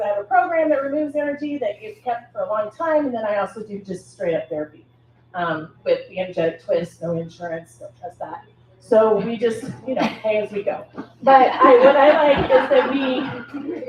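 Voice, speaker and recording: A middle-aged woman, a sponsor talking effusively to a live audience and laughing as she goes. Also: on the high side. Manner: effusive, laughing, restarts often. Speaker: event sponsor, energy therapist. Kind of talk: casual speech to a live audience. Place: echoey event room at a wine cellar. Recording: echoey room, distant mic, faint noise.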